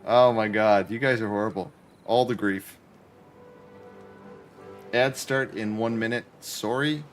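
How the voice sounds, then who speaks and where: With a lowish voice and an unhurried pace, a man chats and jokes with viewers while gaming in his apartment, faint music in the background. He's a Canadian streamer doing casual livestream commentary.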